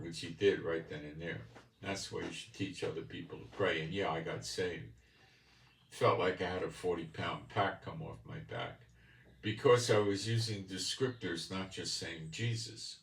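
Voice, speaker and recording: A man's voice: sits low, moderate pace, vocal fry. A man with a New York accent giving a folksy bible teaching monologue. He keeps checking in with his listeners. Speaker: channel host. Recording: roomy, distant mic with faint ambience.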